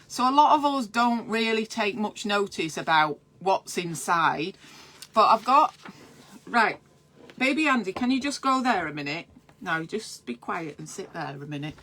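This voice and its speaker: A woman's voice: mid-range voice, bright, forceful tone, slight background noise. A woman, a midwife, giving breastfeeding advice in a live stream from home, chatty and digressive and breaking off to answer viewer comments.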